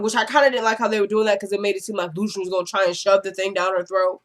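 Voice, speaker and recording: A woman casually recapping a TV episode for her channel, chatty and digressive, getting animated when she gives her opinions. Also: mid-range voice, very fast, few pauses. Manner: chatty and digressive, often says "you know what I'm saying".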